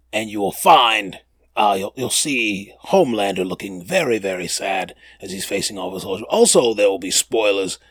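A man's voice: fairly low pitch, slightly rough, no echo. A man hosting a casual podcast, rambling and slangy, with many fillers and restarts. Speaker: podcast host. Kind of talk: casual chat.

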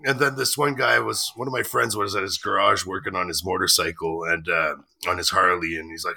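A man with a low, gravelly voice and a very bright, forceful edge tells rambling stories and swears freely. He talks in loose, casual podcast chat. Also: fairly even intonation, fairly quick, few pauses.

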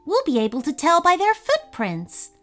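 A woman voicing an excited, curious little girl in a storybook reading, eager and insistent. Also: very high voice, normal speed, faint music behind, pitched above the performer's own voice, full character voice.

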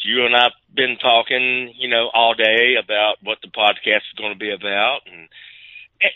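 A man from Virginia co-hosting a casual podcast, laid-back and quick to laugh. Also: medium pitch, flat delivery, no echo. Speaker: podcast co-host. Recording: tinny dry phone-like line.

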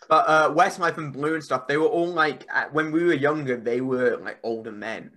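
A man's voice: fairly high pitch, normal speed, bright, forceful tone. A man guesting on a podcast, chatting casually and rambling with lots of "like" and restarts. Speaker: wrestler guest.

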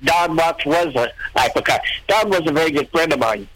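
An older comedian chatting as a guest, giving brief, wry replies. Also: male voice, on the high side, lively intonation, fairly quick, a bit bright, low-quality recording. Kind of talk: casual radio chat.

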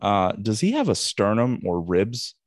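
Man, very deep voice, dry close sound, rambling podcast host, halting casual chat. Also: very animated, no room sound. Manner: rambling, halting, restarts questions.

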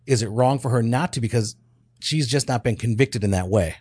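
A man's voice: mid-range voice, a little fast, darkish tone, slightly rough, no echo, clean studio sound. A man co-hosting a church talk show in a casual discussion, earnest and asking probing questions.

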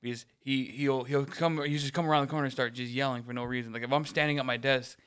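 A man co-hosting a casual chat, winding through a long story with plenty of swearing. His voice is smooth and clear at an ordinary middle pitch. He slips into little acted-out quotes of the people he is talking about. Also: fast talker. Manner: rambling, animated, swears freely; mimics others in quoted lines. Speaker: podcast co-host.

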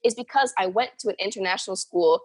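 Breathy young woman from the Bahamas chatting. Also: medium pitch, quick pace. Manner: animated, says "like" and "literally" often. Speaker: podcast co-host. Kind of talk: casual chat.

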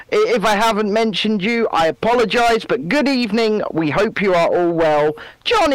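A man co-hosting a casual live stream, chatting in a loose, jokey way and often restarting his sentences. His voice sits a bit higher than most men's. The sound is dry and close, with little room around it. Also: no echo, poor audio. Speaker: co-host.

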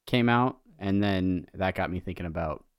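A man's voice: low-pitched, moderate pace, clear, resonant tone, dry recording, clean studio sound. A man co-hosting a podcast, chatting casually and joking about himself. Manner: rambling, jokey, self-deprecating. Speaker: podcast co-host.

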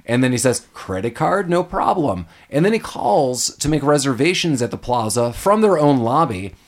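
Guy on a movie podcast, mid-pitch voice, acting out scenes as he goes. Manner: animated retelling, quick impressions of characters. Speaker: podcast host. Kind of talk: casual movie podcast chat.

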